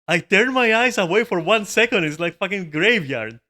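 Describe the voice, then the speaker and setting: A man's voice: sits high, animated, normal speed, pushed and bright. A man giving live gameplay commentary, swearing often, laughing and exclaiming in dismay. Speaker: gamer streaming a raid.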